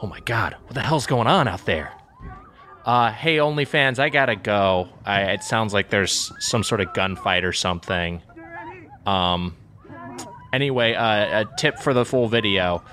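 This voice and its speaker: A man's voice: lowish voice, a little slow, pushed and bright, a little hiss or hum. An actor playing a hapless man who talks to himself while hiding from terrorists in a comedy audio play. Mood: bumbling. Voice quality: bumbling, self-talking. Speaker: hero of the parody.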